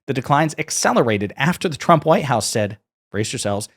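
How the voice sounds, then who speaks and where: A man's voice: mid-range voice, big pitch swings, moderate pace. Brief: man delivering scornful, emphatic political commentary.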